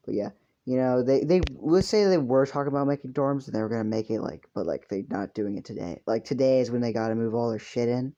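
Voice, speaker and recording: A man's voice: medium pitch, fast talker, dark tone. A young man improvising a story casually, rambling and crude, often correcting himself, recorded at home on a dull lo-fi mic. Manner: rambling, crude, self-correcting, with frequent fillers. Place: home room with a pet cat.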